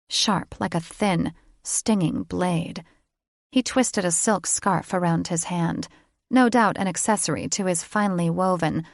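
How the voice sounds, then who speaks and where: A woman narrating a fantasy romance audiobook in a measured, steady way. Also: fairly low pitch, creaky, dry recording, studio quality. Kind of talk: scripted narration.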